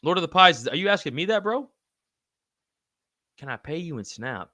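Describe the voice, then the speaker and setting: Calling everyone brother and swearing without restraint, a man hosting a live podcast stream reacts excitably to chat. His voice sits on the high side at a moderate pace, with no echo.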